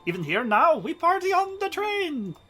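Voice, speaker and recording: A man's voice: very high voice, sing-song, moderate pace, sharp tone, faint music behind, pitched above the performer's own voice, exaggerated voice. A man voicing a flamboyant party-loving German man with a put-on, exaggerated German accent. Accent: put-on bad German accent.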